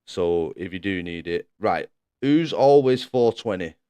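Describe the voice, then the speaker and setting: A man's voice: sits low, animated, a little slow, warm tone, clear, resonant tone, no echo. A man commentating a sim racing league live stream, chatting casually, laughing often and reading out viewers' messages.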